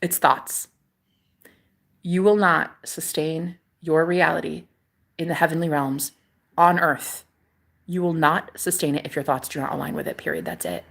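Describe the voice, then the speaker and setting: A woman's voice: lowish voice, a bit bright. A woman talking to camera in a sassy, profane spiritual vlog, calling viewers honey and repeating phrases for emphasis. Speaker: spiritual vlogger. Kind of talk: casual spiritual monologue to camera.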